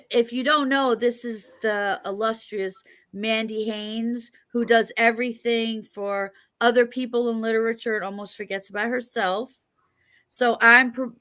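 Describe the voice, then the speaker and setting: Bright-voiced New York woman hosting. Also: fairly high pitch. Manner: chatty, joking, rambling. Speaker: interview host. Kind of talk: casual chat interview.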